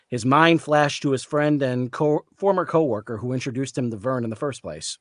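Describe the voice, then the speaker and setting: A man reading the narration of a story aloud at a live reading, in a steady storytelling manner. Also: mid-range voice, normal speed, no echo, studio quality. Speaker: reader, narrator.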